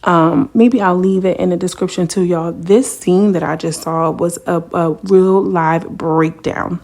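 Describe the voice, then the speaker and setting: Woman doing a reality tv commentary vlog, talks right to her viewers, kinda low voice, super chatty. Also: steady tone, a little slow, gravelly, a little mellow. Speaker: commentary vlogger.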